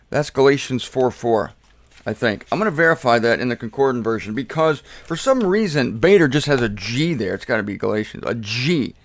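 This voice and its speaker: A man's voice: medium pitch, very animated, moderate pace, pauses often. A man giving casual, playful commentary on a Bible verse, repeating words for emphasis. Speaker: Bible teacher. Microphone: camera in a laundry room.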